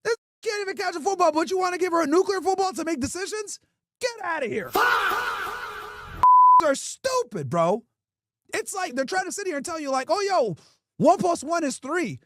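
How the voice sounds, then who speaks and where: A man's voice: very high-pitched, very animated, a little fast, pauses often, fairly bright tone. A man streaming to his chat, ranting emphatically and mockingly with lots of rhetorical questions. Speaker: streamer and podcast host. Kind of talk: ranting commentary to a live chat.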